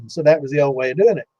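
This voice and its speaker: A man's voice: on the high side, dark tone, slightly rough. A man hosting a distilling Q&A chat, telling a rambling story full of cursing and fillers, with a slightly dull lo-fi sound. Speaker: host of a distilling Q&A livestream.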